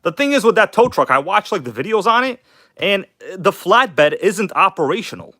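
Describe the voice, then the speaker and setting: A man rambles casually through a live stream, speaking to his viewers in an enthusiastic, blunt way with casual swearing. His voice sits at an ordinary middle pitch. The sound is dry and close, with no room echo. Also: big pitch swings, normal speed, bright, forceful tone. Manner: rambling, chatty, addresses viewers as guys.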